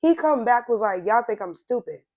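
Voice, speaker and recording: A young woman tells a casual storytime to her viewers, her voice hoarse and nearly gone. She speaks in a fairly high register. She talks in an animated, slangy way and addresses her viewers directly. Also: normal speed. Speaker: storytime vlogger.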